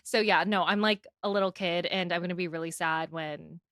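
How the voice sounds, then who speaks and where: A woman's voice: fairly low pitch, fairly even intonation, a bit bright, dry recording. Casual woman podcast co-host, dry mic. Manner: casual, quick asides, filler-heavy. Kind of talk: casual chat.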